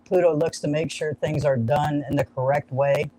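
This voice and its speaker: A man's voice: fairly high pitch, steady tone, moderate pace, warm tone, rough recording. A man explaining an astrology chart in a live-streamed chat, indoors at a farm, with an upbeat, jokey, explanatory manner.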